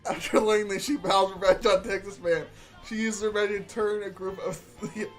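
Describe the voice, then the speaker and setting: A man's voice: sits high, fairly even intonation, a little fast, soft background music. Guy reading a silly ai story on stream, keeps cracking up. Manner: amused, often laughing while reading.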